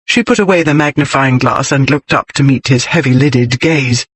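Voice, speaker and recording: A man reading an audiobook narration in an expressive, measured storytelling manner. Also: mid-range voice, breathy edge, no room sound, low-quality recording. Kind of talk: scripted narration.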